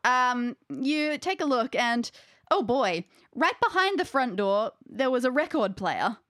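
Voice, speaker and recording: A woman runs a tabletop game, narrating each scene with playful, unhurried description. Her voice sits on the higher side and is recorded dry and close, with no room echo. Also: sing-song, fairly bright tone. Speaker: game master.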